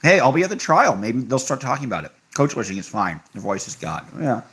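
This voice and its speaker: A man's voice: mid-range voice, very animated, fast talker, a bit bright. A young man hosting a live stream, chatting casually and reacting to viewer comments with offhand sarcasm. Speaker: livestream host reading chat. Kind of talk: casual livestream chat.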